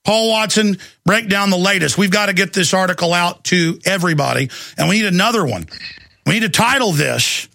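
A man's voice: high voice, brisk, vocal fry, sharp tone, dry recording. A man hosting a talk show, delivering an emphatic, alarmist rant. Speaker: talk radio host. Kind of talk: ranting commentary.

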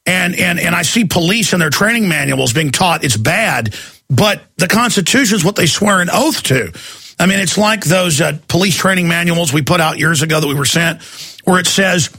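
A man hosting a radio show, talking in a heated, mocking way and acting out quotes in shrill voices. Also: expressive, moderate pace, gravelly, bright, forceful tone, husky. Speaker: radio host. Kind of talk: heated talk radio monologue.

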